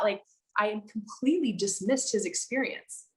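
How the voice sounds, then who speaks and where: A woman's voice: mid-range voice, normal speed, a little hiss or hum, poor audio. A woman guest on a podcast telling personal stories candidly, acting out the dialogue she quotes, with many "like"s and the odd swear word. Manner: animated, acts out quoted dialogue, frequent "like"; speaks frankly, with casual swearing. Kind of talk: candid conversational storytelling.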